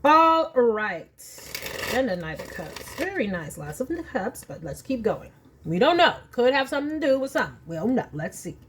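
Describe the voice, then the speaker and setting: A woman's voice: on the high side, big pitch swings, moderate pace, fairly bright tone, slight background noise. A woman reading tarot cards at home in a casual, chatty way, thinking aloud as she draws each card. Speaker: tarot reader.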